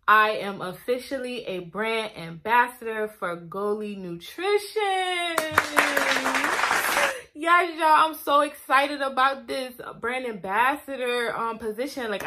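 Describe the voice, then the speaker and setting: A young woman chats to her camera in a casual, gushing way, full of y'all and girl. Her voice sits a little high and sounds very bright and forward. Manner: chatty, excitable, addresses viewers as y'all and girl. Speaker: beauty vlogger.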